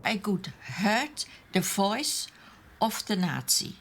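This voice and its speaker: Slow, halting older woman. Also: mid-range voice, very animated, vocal fry, a bit bright, a little hiss or hum. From Austria. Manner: halting, searching for English words. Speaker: eyewitness interviewee. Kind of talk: documentary interview recollection.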